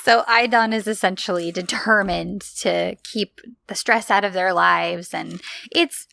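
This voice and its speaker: A woman's voice: medium pitch, steady tone, unhurried, creaky, bright, forceful tone, no echo. A woman co-hosting a casual chat, often laughing as she talks. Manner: giggly, laughs between remarks. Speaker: podcast co-host.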